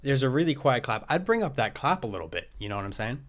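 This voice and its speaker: A man giving casual live-stream feedback on listeners' tracks as a music producer, relaxed and loose, often saying "like" and laughing at himself. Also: mid-range voice, fast talker.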